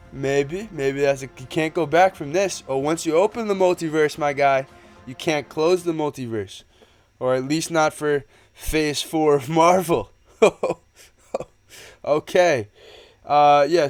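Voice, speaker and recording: A young man giving casual, excitable commentary on a movie trailer, rambling and slangy. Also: on the high side. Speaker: movie trailer breakdown YouTuber.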